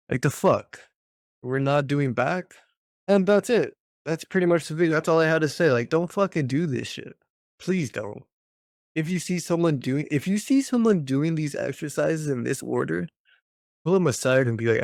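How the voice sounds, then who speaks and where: A man's voice: mid-range voice, normal speed, creaky, no room sound, clean studio sound. A young man ranting casually about a workout split, profane and exasperated, full of slang. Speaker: fitness vlogger.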